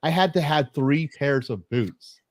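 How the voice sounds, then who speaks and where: A man's voice: fairly high pitch, animated, unhurried, dry recording. Rambling, laughing American male podcast host. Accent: American, faded Texas. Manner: rambling, laughing, profane storytelling. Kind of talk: casual chat.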